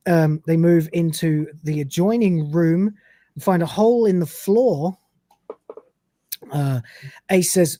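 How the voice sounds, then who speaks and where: A man's voice: fairly high pitch, slow pace, pauses often, warm tone, no room sound. A man hosting a live stream, loosely reading a script aloud and chatting with a casual, swearing manner. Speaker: host.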